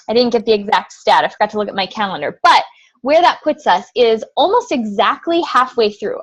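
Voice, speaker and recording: A woman's voice: on the high side, muffled recording. Upbeat woman coaching a team call. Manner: upbeat coaching, rhetorical questions. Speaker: team leader hosting a group call.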